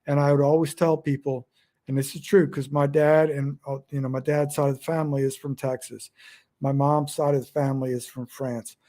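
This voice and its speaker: A man's voice: mid-range voice, little pitch movement, brisk, mellow. A middle-aged man from Delaware with a Northern US accent, rambling casually and self-deprecatingly to his phone's front camera at home. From Delaware, USA. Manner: meandering, self-deprecating, frequent restarts. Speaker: outdoors vlogger. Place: at home indoors.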